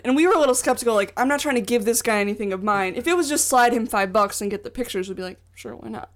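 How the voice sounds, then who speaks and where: A woman guesting on a podcast, telling a story with animated, acted-out quotes. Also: a little high, rapid-fire, few pauses. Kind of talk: casual storytelling.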